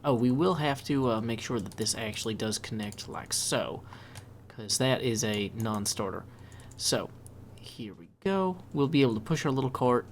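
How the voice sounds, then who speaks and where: A man's voice: mid-range voice, lively intonation, moderate pace, a little hiss or hum. Chatty man narrating his gameplay. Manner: chatty, upbeat, thinking aloud as he plays. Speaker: let's play host. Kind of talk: casual gameplay commentary.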